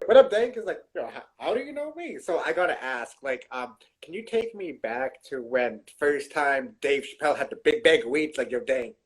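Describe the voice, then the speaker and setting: A man's voice: mid-range voice, breathy edge, rough recording. A man hosting a casual interview, asking loose questions and reacting with encouragement. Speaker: podcast host.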